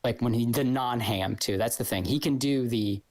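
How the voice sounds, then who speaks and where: Low-voiced woman in casual chat. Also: moderate pace, darkish tone, dry recording. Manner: rambling, many restarts and fillers. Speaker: podcast co-host.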